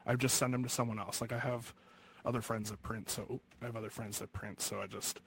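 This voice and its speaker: A man with an Eastern Canadian accent speaks in a loose, rambling way, restarting phrases as he goes. His pitch sits in the middle of the range, and a faint hiss runs under the recording. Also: fairly even intonation, fast, creaky, fairly bright tone. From East Coast of Canada. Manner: chatty, repeats words and restarts. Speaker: shirt printer and guest creator. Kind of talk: casual podcast chat.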